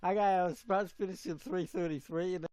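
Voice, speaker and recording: A man chatting casually on a live stream, giggly and playful, sometimes breaking into high squeals. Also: steady tone, fast talker, a little mellow, smooth, no echo.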